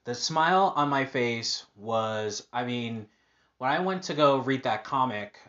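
A man's voice: mid-range voice, expressive, measured pace, fairly bright tone, dull audio. A man hosting a casual personal podcast monologue, upbeat and rambling with lots of fillers and restarts. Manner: upbeat, positive. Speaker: podcast host.

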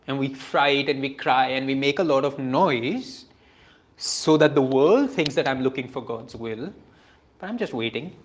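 A man gives a reflective spiritual teaching on scripture, earnest and self-deprecating, often chuckling softly. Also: mid-range voice, a little hiss or hum. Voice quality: earnest and self-deprecating, with frequent soft laughs.

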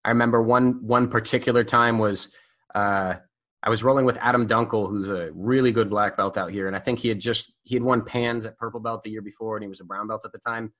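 Man, guest storyteller, bright forceful voice, animated, profane, casual fillers. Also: on the low side, fairly quick. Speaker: guest telling stories.

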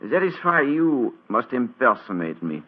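An actor playing a wounded, bedridden German count with a German accent, breathy and halting, in a 1940s radio drama. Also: male voice, medium pitch, big pitch swings. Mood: weak, earnest. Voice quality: breathy, halting, many hesitations. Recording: tinny old radio broadcast.

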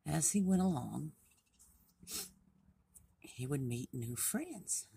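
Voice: medium pitch, lively intonation, takes it slowly, gravelly, warm tone, breathy edge, distant mic. A storyteller telling a children's animal tale in a homespun, casual way, with many dialogue tags.

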